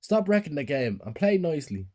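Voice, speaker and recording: A man's voice: mid-range voice, expressive, a little fast, close to an everyday voice. A man voicing a short-tempered father who barks at his son. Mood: gruff. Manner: shouting, gruff.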